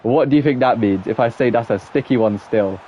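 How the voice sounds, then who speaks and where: While streaming a game, a young man chats with viewers in a casual, meandering way, sprinkling in "like" and breaking into laughs. He speaks fairly quickly at medium pitch with a mellow tone, over dull audio.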